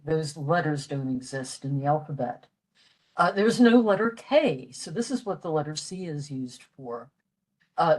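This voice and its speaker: An older woman from western Pennsylvania presents an informal language lecture at a library, explaining things patiently and using frequent fillers. Her voice is deep and a little mellow, and the audio quality is poor.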